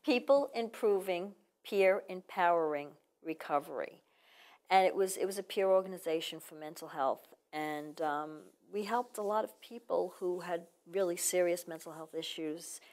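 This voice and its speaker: Female author guest, slightly low voice, earnest and reflective, personal storytelling. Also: fairly even intonation, normal speed, few pauses, darkish tone. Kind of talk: casual interview.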